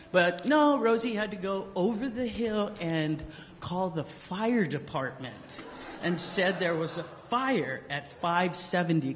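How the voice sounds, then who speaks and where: Telling jokes and animated stories, a man with a fairly high pitch gives a eulogy, performing the quotes as he tells them. The casual speech echoes with long hall reverb in a memorial service hall, with slight background noise.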